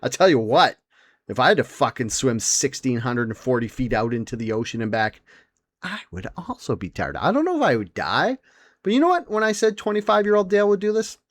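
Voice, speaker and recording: A man in his forties talks alone on his own comedy podcast, rambling, swearing and playing at outrage, often jumping up into a high, excited register. His voice is mid-pitched and sits close to the mic in a dry room. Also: a little fast, no echo. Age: 40s. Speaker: podcast host. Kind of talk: solo comedic podcast rant.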